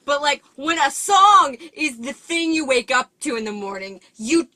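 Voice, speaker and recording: A young woman co-hosting a podcast, her voice high and bright. She talks in a loose, animated ramble full of "like" and trailing asides. It is easygoing, chatty banter. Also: measured pace. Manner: rambling and animated, heavy use of "like". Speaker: podcast co-host. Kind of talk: casual chat.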